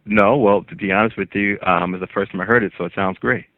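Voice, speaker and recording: A man's voice: on the low side, steady tone, fast talker, dry recording. A comedian from Springfield, Massachusetts, calling in to a radio show and joking around as he answers questions. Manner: joking, laughs between lines. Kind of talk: casual phone interview. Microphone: phone. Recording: phone line.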